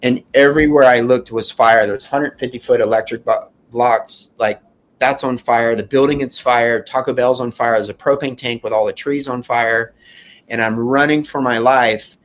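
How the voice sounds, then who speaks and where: Man recounting a disaster, earnest and halting. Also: mid-range voice, steady tone. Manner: earnest, halting, rambling with restarts. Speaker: fire survivor guest. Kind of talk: emotional first-person account.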